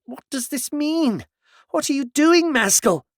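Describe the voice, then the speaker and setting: A proud woman facing death, her voice high and coolly courteous, as a gravelly male reader puts her on. She speaks with gentle reproach and a lively, rising pitch. The sound is close and dry. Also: normal speed, no room sound, exaggerated voice. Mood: alarmed.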